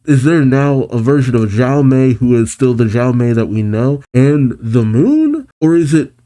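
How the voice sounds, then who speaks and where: A young man hosting a manga reaction, reading the chapter aloud in quick put-on voices and reacting with frequent laughs. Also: medium pitch, sing-song, warm tone.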